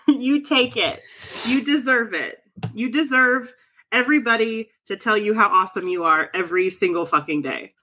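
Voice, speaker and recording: A woman's voice: a little high, moderate pace, pushed and bright. A woman co-hosting a podcast in casual chat, effusive and laughing often, swearing freely. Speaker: podcast co-host.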